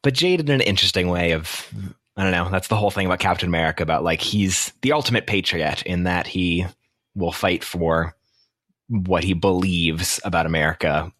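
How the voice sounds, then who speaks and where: A young man with a deep, low voice talks casually through a movie review, rambling and full of fillers. The room is dry and close, with no echo around him. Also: a bit bright. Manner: rambling, many fillers, quick asides. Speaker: podcast co-host.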